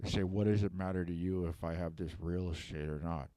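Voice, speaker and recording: A man's voice: sits low, fairly even intonation, brisk, dark tone, dry recording, close to an everyday voice. A man playing a petty, aggrieved villain who has just been unmasked, rambling and whiny and tagging "okay?" onto everything in a comedic self-tape monologue. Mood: sulky, brooding.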